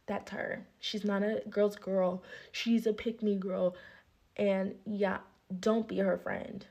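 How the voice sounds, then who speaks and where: A woman's voice: medium pitch, gravelly. A young woman telling a heated storytime rant, acting out what each person said. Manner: animated, acts out each person's lines.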